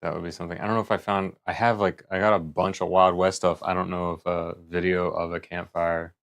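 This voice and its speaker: A male streamer chatting casually on a live stream, rambling and thinking out loud. His voice is low and deep. It is smooth and resonant. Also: little pitch movement, a little fast. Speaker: livestreamer.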